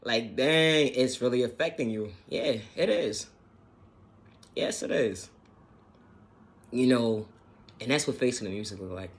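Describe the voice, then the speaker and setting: A man's voice: mid-range voice, a little slow, long pauses. A man talking casually and earnestly about self-healing, repeating his points and swearing now and then. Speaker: self-help vlogger. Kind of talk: casual motivational monologue.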